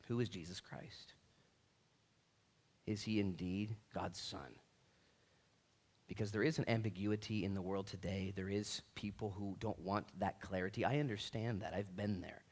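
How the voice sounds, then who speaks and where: A man preaching a sermon as a pastor, telling stories and acting out the quoted voices in them, moving from quiet asides to loud, emphatic bursts. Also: fairly low pitch, lively intonation, a little fast, pauses often. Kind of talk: storytelling sermon.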